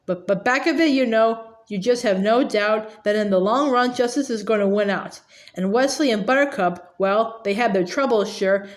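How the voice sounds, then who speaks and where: A woman reading a novel aloud, often stumbling and repeating words. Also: mid-range voice. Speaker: reader.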